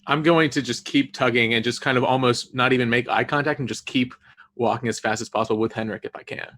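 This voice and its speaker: A man's voice: medium pitch, fairly even intonation, fast talker, fairly bright tone, slight background noise. A man playing in a tabletop game, matter-of-fact. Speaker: player. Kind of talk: casual tabletop play.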